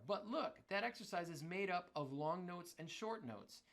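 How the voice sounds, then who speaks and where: A man's voice: sits high, animated, normal speed, few pauses, fairly bright tone, a little hiss or hum. A man teaching a drum clinic in a studio, wearing a mic and scatting rhythms with syllables as he explains. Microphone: wearing a microphone.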